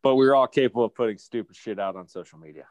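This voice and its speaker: A man from Ohio co-hosting a casual sports podcast, dropping short deadpan remarks. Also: mid-range voice, fast, no room sound, highs cut off. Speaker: podcast co-host.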